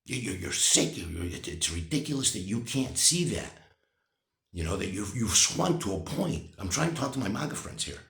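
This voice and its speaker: A man's voice: fairly low pitch, sing-song, moderate pace, a bit bright, roomy sound. A man in his sixties delivering a blunt, profane, exasperated political rant to camera, often restarting his sentences. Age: 60s. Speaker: vlogger.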